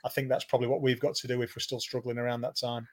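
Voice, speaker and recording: A man's voice: medium pitch, flat delivery, racing. Hesitant man giving football opinions. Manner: hesitant, repeats words before getting going. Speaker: co-host and football pundit. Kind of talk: casual football discussion.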